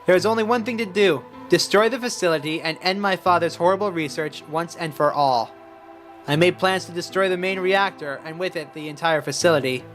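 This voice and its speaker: A man's voice: high-pitched, brisk, fairly bright tone, faint music behind. A man voicing a grave male figure recalling a painful past, in a robot voice while reading game dialogue.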